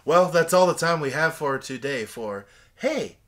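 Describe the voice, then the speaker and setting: A young man acting a clueless, tactless guest in a comedy sketch, rambling through absurd stories with halting fillers. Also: a little high, expressive. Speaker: bizarre guest in a comedy skit.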